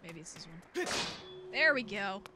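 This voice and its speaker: A woman's voice: mid-range voice, sing-song, measured pace, noisy background. A woman hosting a let's play, giving chatty, rambling, self-deprecating commentary. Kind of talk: casual gameplay commentary. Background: game music.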